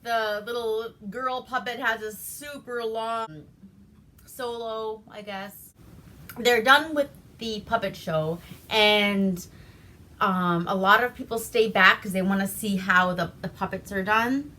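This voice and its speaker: Slightly high and pushed, with a bright quality, the woman from Alaska takes her time recapping an old film, rambling, swearing, and laughing along the way.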